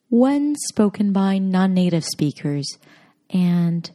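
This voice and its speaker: A woman narrating a scripted pronunciation lesson, speaking clearly and deliberately as she models example sentences. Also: medium pitch, dark tone. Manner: slow, clear, deliberate demonstrations. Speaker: pronunciation teacher.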